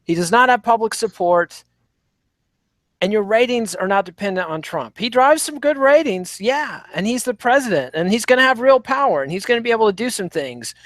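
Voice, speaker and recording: High-voiced ranting man, dry. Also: expressive, a little fast, fairly bright tone, no room sound. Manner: emphatic, ranting. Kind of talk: opinionated podcast chat.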